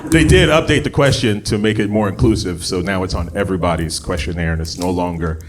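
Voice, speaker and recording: A man doing a stand-up comedy set on a club stage, jumping from low muttered asides to loud, high shouted bits. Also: fast talker, a little hiss or hum. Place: comedy club stage before a live audience. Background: audience laughter.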